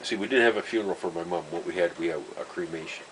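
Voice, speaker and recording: Middle-aged man, low voice, rambling storyteller who laughs at himself, faint hiss under the recording. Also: rapid-fire, fairly bright tone, poor audio. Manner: rambling, self-interrupting, chuckling at his own stories. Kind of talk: casual storytelling monologue.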